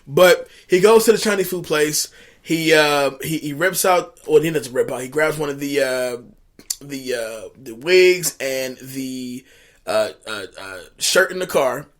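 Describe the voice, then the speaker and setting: A man co-hosting a casual movie recap, animated and rambling, with many fillers and restarts. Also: fairly high pitch, unhurried. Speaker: co-host.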